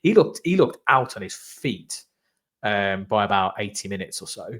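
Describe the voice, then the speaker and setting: Guy hosting a football podcast, talks in long excited run-on bursts over a video call. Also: fairly low pitch, normal speed. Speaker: podcast host. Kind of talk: casual football chat.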